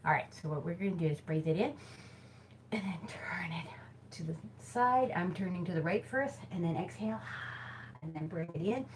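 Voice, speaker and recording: A woman's voice: lowish voice, fairly quick, a little mellow, slight background noise, low-quality recording. A woman casually teaching hula hoop exercises on camera in a small room, chatty and giggly, with lots of fillers. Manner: chatty, giggly, self-deprecating with many fillers. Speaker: hoop fitness instructor. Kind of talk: casual instructional video. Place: small temporary office space by a back door. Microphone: camera mic, moving around while hooping.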